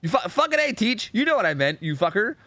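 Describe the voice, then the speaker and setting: A man voicing a foul-mouthed five-year-old boy loudly swearing at his teacher. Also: high-pitched, big pitch swings, quick pace, no room sound, voice pushed up, exaggerated voice. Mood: exasperated. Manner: shouty, swearing, exasperated.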